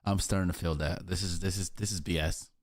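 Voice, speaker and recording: A man's voice: low voice, steady tone, a little fast. A man giving blunt, sarcastic live reaction commentary on a story clip. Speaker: reaction streamer.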